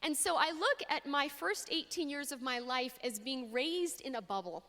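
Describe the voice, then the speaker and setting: A young woman from Canada giving a faith talk to an audience, an expressive storyteller with dramatic pauses. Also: high-pitched. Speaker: speaker. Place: large hall. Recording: long hall reverb.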